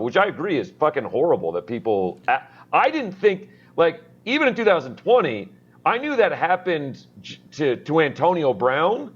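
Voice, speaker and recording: A man's voice: on the high side, big pitch swings, moderate pace, husky. Rambling man with a dull lo-fi sound. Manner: rambling, many "like" fillers. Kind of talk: casual sports and law talk.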